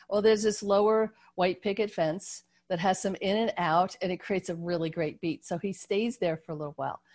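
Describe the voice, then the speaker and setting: A woman leads a group video call, teaching through a slowly unfolding story. Her delivery is gentle and unpolished, full of ums and restarts, and she sounds like she is talking into a video-call microphone. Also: mid-range voice. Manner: gentle, with frequent fillers and restarts.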